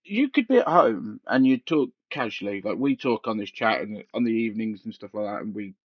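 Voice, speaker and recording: Lively joking man on a headset. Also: on the low side, a little fast, husky, no echo, dull audio. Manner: rambling, joking, laughs often. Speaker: podcast host. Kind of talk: casual chat.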